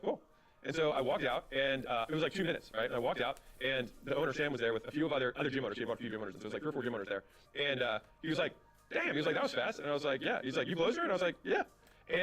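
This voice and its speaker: A man's voice: mid-range voice, a bit bright. A man in his thirties giving casual business advice, telling stories and acting out the dialogue. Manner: rapid, casual, anecdotal with acted-out dialogue. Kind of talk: storytelling business advice talk.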